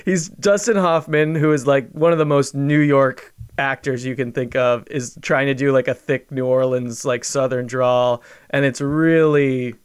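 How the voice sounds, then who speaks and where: A man's voice: medium pitch, steady tone, measured pace, hardly any pauses, clear, resonant tone, no echo, studio quality. A man co-hosting a podcast, chatting casually about a film and telling stories with laughs. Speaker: podcast co-host.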